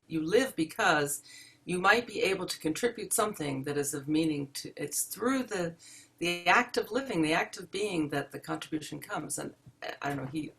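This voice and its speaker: A woman entrepreneur answering interview questions from her home office, thoughtful and measured. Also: lowish voice, vocal fry, fairly bright tone.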